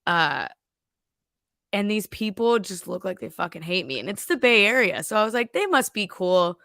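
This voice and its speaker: A woman's voice: mid-range voice, expressive, normal speed, pushed and bright, dry recording, studio quality. A woman comedian from California, a guest on a podcast, telling stories bluntly with laughter and acted-out quotes. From Sacramento, California. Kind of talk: casual chat.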